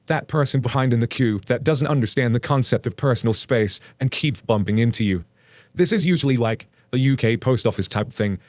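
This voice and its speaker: Reading online posts aloud and joking about them, this Reddit story reader is a chatty British man from the UK who laughs a lot. He speaks at a normal speed in a medium pitch, recorded without echo.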